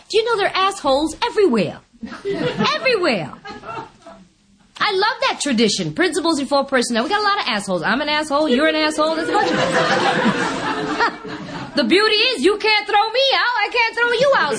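A woman speaks at a recovery meeting and tells her own story with humor. Her voice is very high and lively, with a bright edge. She swings into other people's voices as she quotes them, and faint noise sits behind her. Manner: lively, animated, acts out voices and laughs often. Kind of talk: testimony talk with humor.

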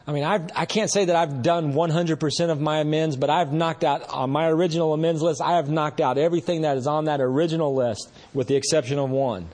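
A man's voice: a little high, fairly even intonation, quick pace, hardly any pauses, a little mellow. A man giving a personal recovery testimony at a meeting, earnest and rambling, talking in a conversational way with frequent restarts. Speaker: speaker sharing recovery story.

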